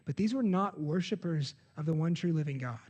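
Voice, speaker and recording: A man's voice: fairly high pitch, lively intonation, a little fast, darkish tone. A man, preaching a sermon as pastor in an earnest, conversational way with self-corrections. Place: church sanctuary. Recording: long hall reverb of a church.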